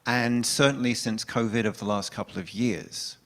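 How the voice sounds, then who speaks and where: A man's voice: medium pitch, fairly even intonation, normal speed, a bit bright. A man in his forties giving a candid, conversational talk in a church as a guest spiritual speaker, often restarting his sentences. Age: 40s.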